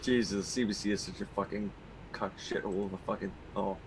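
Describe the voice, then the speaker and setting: A man's voice: on the low side, fairly even intonation, fast, noisy background. A man joining a casual livestream chat, joking a lot and slipping into mocking voices. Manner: jokey, breaks into laughter and mock voices. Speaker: guest.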